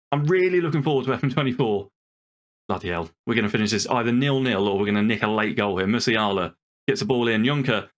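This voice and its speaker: A man's voice: medium pitch, a bit bright. A young man commenting casually on a football management game he plays, frustrated and swearing, talking to himself and his players. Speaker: video game streamer.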